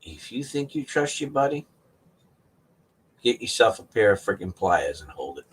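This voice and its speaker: A man's voice: mid-range voice, huge pitch swings, slow, long pauses, fairly bright tone, slightly rough. A middle-aged man hosting his own channel, telling a story in a folksy, casual way and laughing often. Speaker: channel host.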